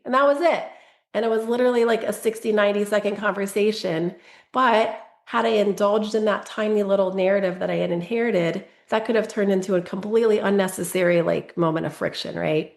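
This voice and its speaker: A woman's voice: mid-range voice, a little fast, vocal fry. A middle-aged woman, a parenting coach, telling a candid, self-deprecating personal story in an interview. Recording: echoey room.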